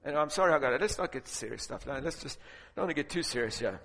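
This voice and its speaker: Man, preacher, sermon, storytelling, emphatic, higher-pitched, long hall reverb. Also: lively intonation, fast talker, creaky, husky. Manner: storytelling, building to loud emphatic points. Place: large auditorium with audience.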